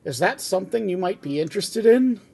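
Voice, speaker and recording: A man's voice: sits high, expressive, brisk, vocal fry, darkish tone, slightly rough, pitched above the performer's own voice, full character voice. A man voicing the grumpy, impatient Grinch in a comic script reading, with exasperated outbursts. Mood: grouchy.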